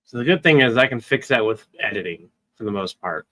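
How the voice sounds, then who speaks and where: A man's voice: medium pitch, animated, fairly quick, bright, forceful tone. A man hosting a stream who casually talks through editing audio, thinking aloud with ums. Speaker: video editor, stream host.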